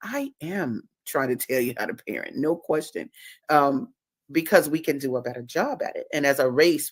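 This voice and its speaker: A woman's voice: low voice, dry recording. A woman hosting a livestream and talking about her own book in a casual, emphatic, preachy way, repeating words for stress. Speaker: host and author.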